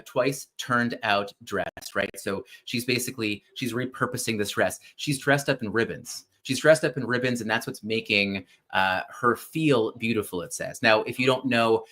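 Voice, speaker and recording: A man hosting a show, casually retelling a classic story in an animated way and often checking in with listeners. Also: lowish voice. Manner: thinks aloud with fillers and restarts. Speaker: podcast host.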